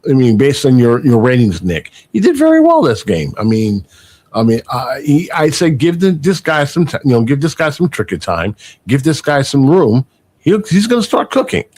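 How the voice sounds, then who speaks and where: A man's voice: medium pitch, huge pitch swings, normal speed, a little mellow. A man hosting a casual sports podcast, rambling with many fillers and restarts as he reads out stats. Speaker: podcast host.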